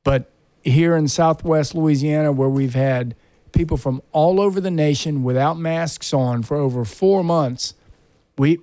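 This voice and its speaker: A man's voice: a little high, unhurried, warm tone, no room sound. A man co-hosting a podcast, talking in a blunt, rambling way. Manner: blunt, rambling, mocks accents. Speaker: podcast co-host. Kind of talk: casual banter.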